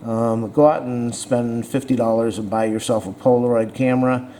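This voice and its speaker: A man in the middle of the usual pitch range delivers a rambling, opinionated camera rant straight to the viewer. He is blunt and sarcastic, often stopping to restart a thought. A faint hum of room noise sits under his voice. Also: fairly even intonation, moderate pace, mellow. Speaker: vlogger reviewing a camera.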